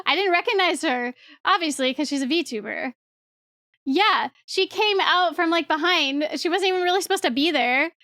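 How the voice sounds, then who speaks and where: Excitable high-voiced young woman streamer. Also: measured pace, long pauses, no echo, studio quality. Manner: rambling, excitable, laughs often, swears casually. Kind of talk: casual storytelling to stream chat.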